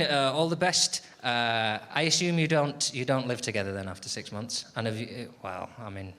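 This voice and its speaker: A man doing sardonic stand-up comedy, swearing freely and chatting with the crowd on a theatre stage. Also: mid-range voice. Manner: sardonic, lively, swears a lot, chats with the crowd. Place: theatre stage before a laughing audience. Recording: live show with loud crowd noise.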